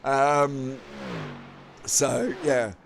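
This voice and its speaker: A man's voice: medium pitch, flat delivery, extremely slow, creaky, slight background noise. A man hosting a live sim racing stream, chatting with his viewers and laughing at himself, tired after a long day. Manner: chatty, laughing, self-mocking. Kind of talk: live stream commentary and chat.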